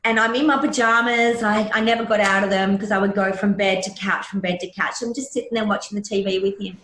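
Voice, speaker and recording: A woman's voice: medium pitch, steady tone, fast talker, a bit bright. A woman in her forties, a hypnotherapist guest, telling a personal story in a blunt, emotional way and swearing freely. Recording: roomy echo.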